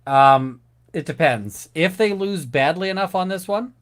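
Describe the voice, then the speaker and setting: A man's voice: high-pitched, lively intonation, a little slow. Ranting, swearing man. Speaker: co-host. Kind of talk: casual live-stream chat.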